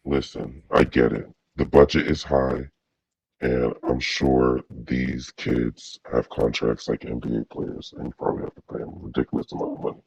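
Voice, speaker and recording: An extremely deep, husky male voice with a dark, mellow tone. He talks sassily and rambles in a casual chat as co-host of a TV review show, with lots of fillers. The mic sounds dull and dry, like a lo-fi setup. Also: no room sound. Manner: sassy, rambling, full of fillers.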